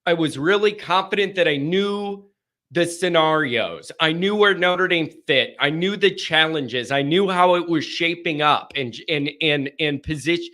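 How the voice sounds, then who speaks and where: A man's voice: fairly high pitch, measured pace, bright, forceful tone. A man hosting a live call-in sports show, sounding stuffed up and congested, talking in a hesitant, searching way that trails off and starts over.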